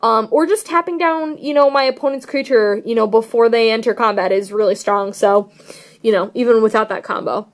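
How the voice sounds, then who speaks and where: A woman's voice: fairly high pitch, brisk. A young woman casually chatting about her card deck, gushing and rambling with lots of fillers. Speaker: card game vlogger. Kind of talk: casual deck tech chat.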